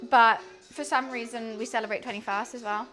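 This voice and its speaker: A woman's voice: fairly high pitch, fairly even intonation, fairly quick, a bit bright, faint music behind. A young British woman chatting casually with her live-stream audience while cooking, laughing often and swearing freely. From United Kingdom.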